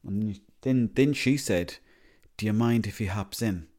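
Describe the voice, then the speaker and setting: An Irish man with a lowish voice tells a long comic story in a flat, matter-of-fact way. He rambles, trips over his own phrases and circles back to correct himself, never breaking from his deadpan delivery. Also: measured pace. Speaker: comedy character monologue.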